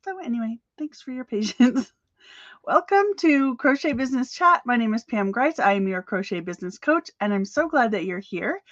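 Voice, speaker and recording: A woman's voice: fairly high pitch, expressive, moderate pace, no room sound, muffled recording. A woman coaching crochet sellers in a chatty, upbeat live stream, with fillers and little laughs. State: slightly out of breath.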